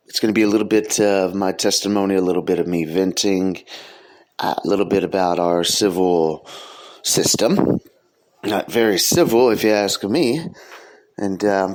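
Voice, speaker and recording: A man's voice: low voice, a little mellow. A man hosting his own podcast, talking earnestly in a loose, casual way with frequent "um" fillers. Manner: earnest, sincere delivery. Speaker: podcast host. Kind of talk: casual solo podcast monologue.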